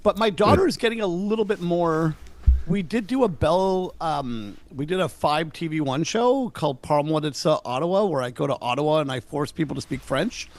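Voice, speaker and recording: A middle-aged man, a comedian guest, telling stories in a casual interview and acting out the dialogue with lively voices. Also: on the high side, normal speed. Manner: energetic, acts out dialogue with voices.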